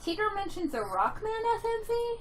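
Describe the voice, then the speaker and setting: A woman's voice: very high-pitched, big pitch swings, normal speed, noisy background. A woman co-hosting a casual live game stream, giggling often and reading out viewer comments. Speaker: stream co-host reading chat.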